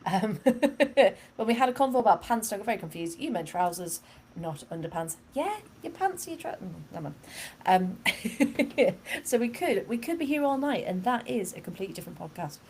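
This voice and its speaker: A woman co-hosting a casual football podcast, chatty, laughing often and filling pauses with fillers. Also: medium pitch, big pitch swings, darkish tone, slight background noise. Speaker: podcast co-host.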